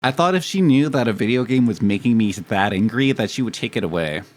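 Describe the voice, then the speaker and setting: A man's voice: mid-range voice, lively intonation, a little fast, darkish tone. A young man chatting casually with his live stream audience, telling rambling, profane, self-mocking stories.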